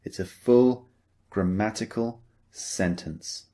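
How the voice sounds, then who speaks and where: A man teaching English in a recorded lecture, explaining slowly and patiently, step by step. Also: on the low side, mellow.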